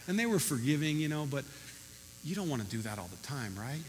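A man preaching a sermon as pastor, animated and emphatic, recorded in a church hall. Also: on the high side, brisk, a little hiss or hum.

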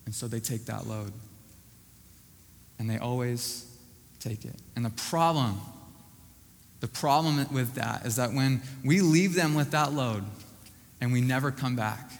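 A man preaching a sermon, emphatic and repetitive, often dropping to a hushed voice at the ends of lines. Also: mid-range voice, fairly even intonation, moderate pace, creaky, pauses often, long reverb tail.

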